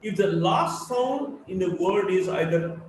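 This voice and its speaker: A man from India with a Bengali English accent, giving a slow phonetics lecture and reading word lists aloud, repeating words for drill. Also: high-pitched, expressive, recorded from a distance. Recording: very echoey room, faint background hum.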